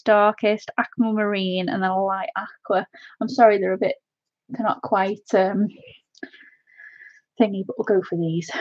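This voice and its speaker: A woman hosting a live colouring stream, chatting excitedly, giggling often and thanking viewers warmly. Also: medium pitch, no room sound, dull audio. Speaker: craft channel host.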